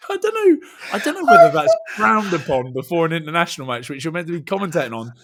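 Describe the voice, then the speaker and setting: A man co-hosting a casual sports podcast, telling stories in an animated way and laughing often. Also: on the high side, fast, heavy background noise. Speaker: podcast co-host and rugby commentator.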